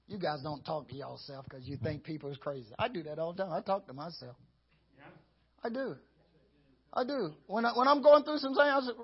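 A man preaching a lively sermon as pastor, chuckling and acting out how he talks to himself. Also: very high voice, moderate pace, long pauses, husky, highs cut off.

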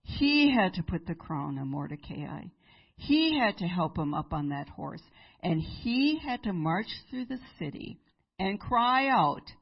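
A woman preacher telling a Bible story in a sermon, animated and acting out the characters. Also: on the low side, a little slow, husky, dull audio.

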